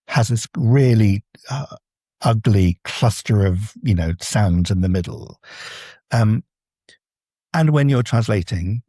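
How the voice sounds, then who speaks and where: A man's voice: on the low side, vocal fry, warm tone, breathy edge, no room sound, studio quality. A man, a translator, explaining his craft in a podcast interview, thoughtful and full of examples. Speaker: translator guest.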